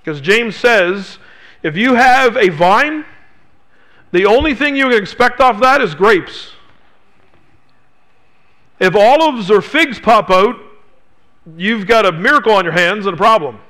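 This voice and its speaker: A man delivers a sermon in a bright, ringing voice that sits high for a man. He preaches emphatically and fires rhetorical questions at his listeners. On key phrases he sinks into a hushed low voice. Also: animated, measured pace, long pauses. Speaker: pastor.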